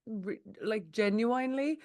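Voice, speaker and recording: A woman's voice: on the high side, measured pace, a little mellow. A woman co-hosting a pop culture podcast, giving wry, reflective commentary in casual chat. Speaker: podcast co-host.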